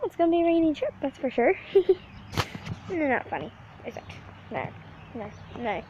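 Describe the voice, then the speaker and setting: A woman's voice: high-pitched, very animated, normal speed, mellow. A woman chatting playfully into her phone for a casual vlog, her voice swinging up and down as she talks. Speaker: vlogger. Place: home under remodeling, then outdoors in rain. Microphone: phone held in hand. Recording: muffled noisy phone recording.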